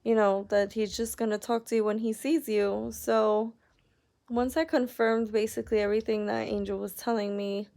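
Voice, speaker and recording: A woman's voice: a little high, little pitch movement, moderate pace, vocal fry, darkish tone. A young adult woman telling a personal story in a casual vlog, rambling and candid, with many "like"s and an upset tone. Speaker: vlogger.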